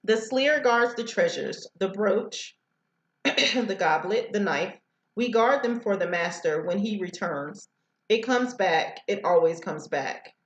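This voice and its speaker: Ancient guardian spirit read by a woman, slow and spooky, roomy echo. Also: mid-range voice, animated. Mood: solemn. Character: ancient hissing guardian spirit, many voices.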